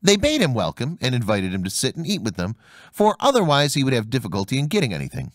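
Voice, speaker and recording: A man narrating a fairy tale audiobook in an expressive storytelling manner. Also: mid-range voice, fast, dry recording, clean studio sound. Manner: expressive storytelling, voicing each character.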